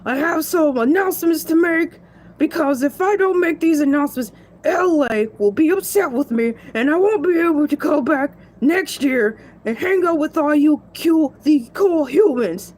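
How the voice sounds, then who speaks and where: A woman's voice: high voice, expressive, normal speed, darkish tone. A woman voicing a cocky male shark who hosts a show, chatting playfully and bragging as he rambles. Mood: boastful. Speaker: stand-in show host. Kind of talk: comedic solo character show.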